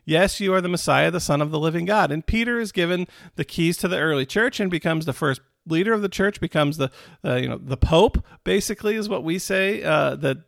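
Male preacher with a gravelly voice and a dry, close sound, teaching scripture casually and acting out the quotes. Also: a little high, fairly bright tone, dry recording. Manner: retells scripture in plain words, with restarts and repetition; acts out quoted characters with a raised voice. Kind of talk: conversational Bible teaching.

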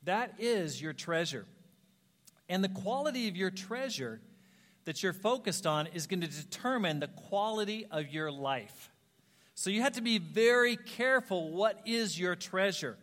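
Male preacher with a high voice, telling animated self-mocking stories, recorded with long reverb in a big hall. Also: moderate pace. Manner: animated, self-mocking storyteller who laughs at himself. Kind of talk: storytelling sermon.

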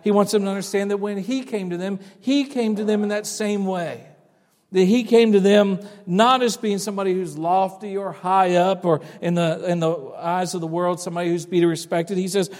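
A middle-aged male pastor with a high voice, preaching in an easy, storytelling way that keeps doubling back on its words. His sermon rings out with a long church reverb. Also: a little mellow. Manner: conversational storytelling with frequent restarts.

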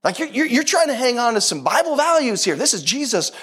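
High-voiced conversational preacher man. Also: very animated, a little fast, fairly bright tone, slightly rough. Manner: conversational storytelling preacher, self-deprecating humor. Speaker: pastor. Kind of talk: sermon.

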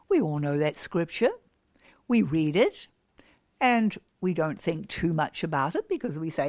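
A woman giving a devotional talk to mothers, gushing and emphatic, drawing her words out with many exclamations and dropping to soft whispers on key words. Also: on the low side, sing-song, no room sound, clean studio sound. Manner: slow and drawn out, with many exclamations.

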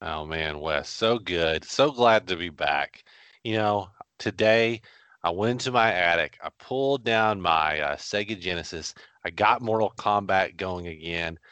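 A man's voice: deep voice, unhurried, a bit bright, smooth, no echo. A man co-hosting a movie podcast, trading playful jokes with the others. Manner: joking, playful banter. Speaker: podcast co-host. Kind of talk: casual podcast chat.

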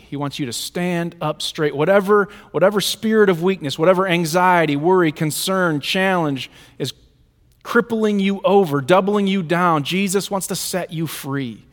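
A man preaching a sermon in a church, speaking with emphatic rhythm and repeated lists. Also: on the high side. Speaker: pastor. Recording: reverberant hall.

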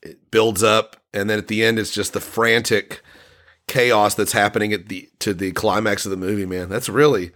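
A man with a fairly low voice talks excitedly about a song, tripping over his words and restarting often. It is a relaxed, casual chat with a friend. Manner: enthusiastic, halting, lots of fillers and restarts. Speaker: podcast co-host reviewing an album. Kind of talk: casual music discussion.

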